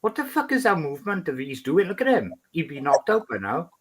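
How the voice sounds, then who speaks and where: A man's voice: fairly high pitch, sing-song, a little fast, breathy edge. A man in a heated, boastful, sweary casual chat on a stream.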